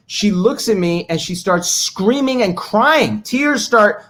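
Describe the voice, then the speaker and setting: A man's voice: sits high, measured pace, few pauses, rough recording. A man on a video call, a comedian guest telling stories in casual comedic chat, profane and joking, slipping into put-on voices. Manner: animated storytelling with put-on voices.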